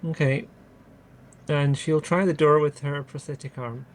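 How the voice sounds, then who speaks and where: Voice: mid-range voice, fairly even intonation, a little slow. A tabletop player describing their character's actions in a cautious, earnest way.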